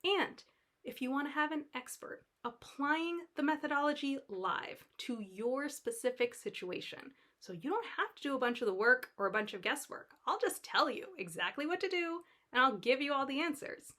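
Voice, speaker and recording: A woman's voice: high voice, animated, moderate pace, sharp tone. A young adult woman life coach talking casually to camera in a chatty, reassuring way, acting out her own inner voice.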